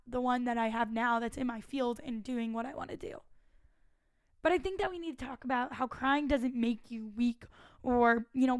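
A young woman in her twenties talks through advice in a high voice, frank and chatty, dropping the odd swear word. The recording is dry and close, with no room sound. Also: no room sound. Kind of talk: casual advice monologue.

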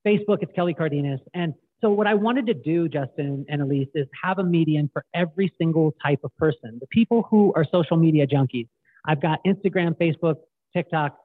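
A middle-aged man guest, telling stories in an animated way and acting out quotes. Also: a little high, husky, dry recording. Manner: animated storyteller, acts out quotes. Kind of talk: casual storytelling interview. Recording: tinny phone-like line, dry.

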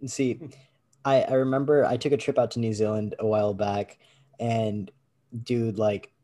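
A man's voice: on the low side, level tone, moderate pace, warm tone. A young man co-hosting a podcast in casual, slangy chat over a video call. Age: young adult. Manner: laid-back, slangy. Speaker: podcast co-host.

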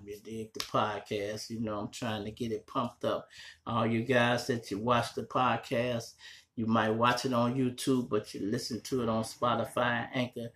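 Profane rambling podcast host. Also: male voice, medium pitch, fairly bright tone. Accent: Chicago. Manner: profane, rambling, talks straight to listeners. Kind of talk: casual street commentary.

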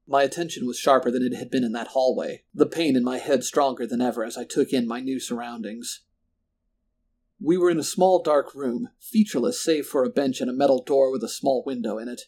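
A man reading a first-person horror story in a measured, descriptive way. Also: medium pitch, darkish tone. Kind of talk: scripted horror narration.

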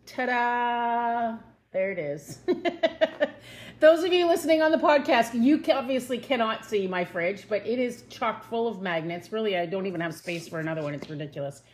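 A woman giving a casual devotional Bible talk from her home, earnest and chatty, slowing down to stress her points. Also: medium pitch, slight background noise. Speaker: Bible teacher.

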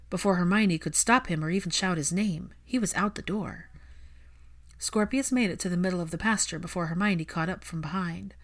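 Calm woman reading fan fiction aloud. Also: on the low side. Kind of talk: audiobook narration.

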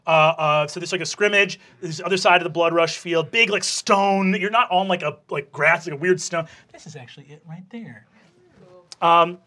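A man's voice: high-pitched, moderate pace, sharp tone. A man narrating loosely as game master of a tabletop game, rambling and swearing.

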